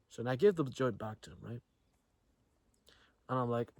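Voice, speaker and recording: A man's voice: mid-range voice, normal speed, vocal fry, pauses often, a little mellow, no room sound. A young man telling a story to camera outdoors, in a slangy, profane, rambling way with lots of restarts. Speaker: vlogger. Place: outdoors near trees. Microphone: camera he films himself with.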